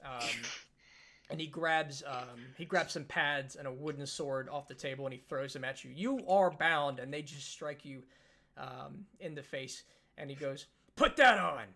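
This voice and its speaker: A man's voice: medium pitch, little pitch movement, normal speed, bright, forceful tone. A man narrating a tabletop game as game master, casual with many fillers.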